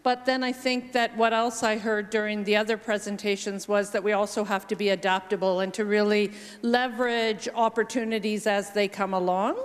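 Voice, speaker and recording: A woman with a Canadian accent answering on a conference panel, thoughtful and measured with frequent pauses. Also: mid-range voice, little pitch movement. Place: large conference hall. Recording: long hall reverb.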